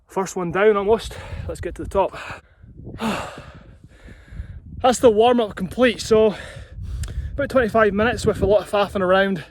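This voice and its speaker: A man's voice: high voice, normal speed, long pauses, slight background noise. A man vlogging outdoors as he climbs a steep hill, talking casually and getting out of breath. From Scotland. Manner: chatty, breathy from climbing, marvels at the view. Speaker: running vlogger. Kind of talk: casual vlog while hiking.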